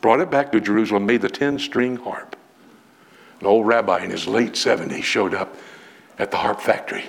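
Gravelly dramatic preacher man. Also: fairly low pitch. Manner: dramatic, animated, emphatic pauses. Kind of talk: sermon with storytelling.

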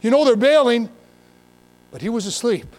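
A man's voice: very high voice, animated, moderate pace, a little mellow. A pastor preaching a sermon in a folksy, emphatic way, full of repeats and asides, reading scripture and talking straight to his listeners.

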